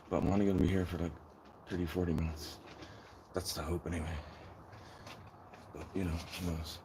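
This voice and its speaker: A Dublin-accented Irish man hosts a gardening channel livestream, rambling and chatting with viewers while sowing seeds. His voice is low and warm, recorded with slight background noise and poor audio.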